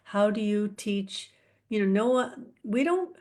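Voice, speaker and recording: A woman's voice: mid-range voice, lively intonation, measured pace, a little mellow. Casual chat host, middle-aged woman, playful storyteller, teasing and laughing. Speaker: podcast host.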